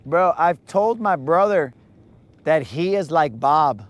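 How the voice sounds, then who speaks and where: A man's voice: on the high side, lively intonation, slow. A man hosting a live fishing vlog outdoors on a lake, with playful, hyped banter full of Spanish slang. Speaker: angler, channel host.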